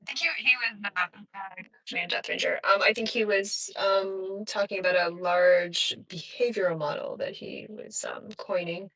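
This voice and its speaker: A woman's voice: medium pitch, sing-song, moderate pace, creaky, hardly any pauses, fairly bright tone, poor audio. A woman in a casual discussion, asking questions hesitantly with frequent likes and ums.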